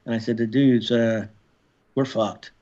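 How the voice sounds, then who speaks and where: A man in his sixties, a former Marine and podcast guest, telling war stories in a casual, profane way and shouting out reenacted orders. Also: medium pitch, steady tone, unhurried. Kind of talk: casual storytelling interview. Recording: slightly dull podcast audio.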